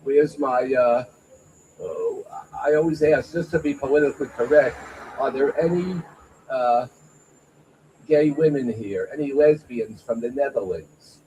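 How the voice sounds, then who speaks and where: At an open mic night in a small venue, a man performs stand-up with a halting, stammering delivery, filling it with fillers and chuckling at his own jokes. His voice is medium-pitched with a dark tone, and the rough recording has slight background noise.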